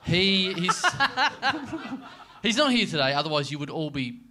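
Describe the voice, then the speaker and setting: A man co-hosting a live comedy podcast, swearing freely while rambling through animated anecdotes. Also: fairly high pitch, unhurried. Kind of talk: live podcast banter and storytelling.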